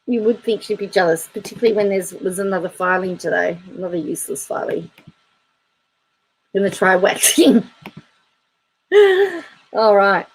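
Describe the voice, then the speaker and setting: A woman's voice: mid-range voice, fairly even intonation, fairly quick, a little hiss or hum, rough recording. A woman YouTube commentator reading viewer comments aloud in a chatty, wry way, laughing between them.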